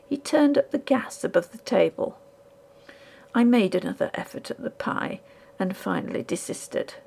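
Woman reading a spooky old story, voice goes up and down a lot, bit of fry, drops to whispers. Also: mid-range voice. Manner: measured, hushed dramatic reading with whispered asides. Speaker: audiobook narrator. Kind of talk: scripted narration of a ghost story.

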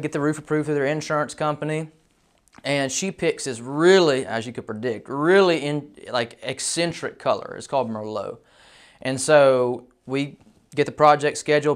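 A man, a roofing contractor telling a wry, animated story in a casual way, full of asides. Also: medium pitch.

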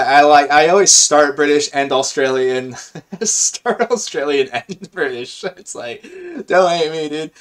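A man of middle pitch talks through a match as he plays it. He is casual and slangy, and he jumps quickly between excitement and thinking out loud. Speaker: gaming video host. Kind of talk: casual live gameplay commentary.

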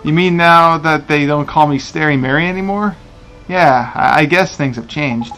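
A man voicing a shy, gentle young village girl while reading game dialogue aloud, in a soft, hesitant way. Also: fairly high pitch, moderate pace, soft background music.

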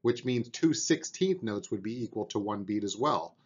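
A man's voice: fairly low pitch, expressive, moderate pace, breathy edge, muffled recording. A man teaching a beginner drum lesson, patiently explaining and counting out beats aloud, with an encouraging manner.

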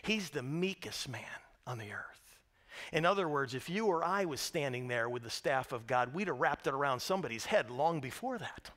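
A man preaching a sermon as pastor, swinging from hushed, quiet words to loud, shouted storytelling. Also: medium pitch, expressive, moderate pace. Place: church sanctuary. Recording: reverberant church hall.

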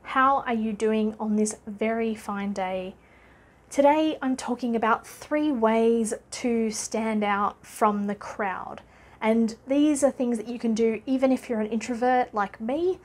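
Australian woman vlogging business tips, bit high voice, laughs a lot, lots of uhs. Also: measured pace, darkish tone. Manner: chatty and upbeat, laughs often, many uh fillers. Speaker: business coach. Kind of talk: casual talking-head vlog.

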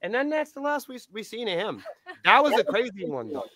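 A man's voice: high-pitched, fairly quick. A man who is a band's point of contact tells stories in a casual podcast interview, cursing freely and acting out the dialogue. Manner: profane, animated storyteller acting out dialogue.

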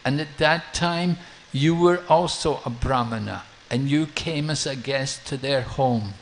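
A man's voice: mid-range voice, a little slow, a little hiss or hum, natural voice, poor audio. A man voicing a mischievous boy who questions a priest and then confides a secret, in a storytelling talk. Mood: confiding.

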